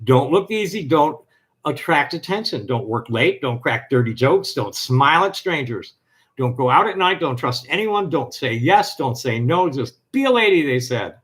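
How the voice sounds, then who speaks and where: A man with a notably high voice hosts a live stream. He reads a text aloud in a steady, rhythmic list cadence, then drifts into loose, rambling chat with small restarts. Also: moderate pace.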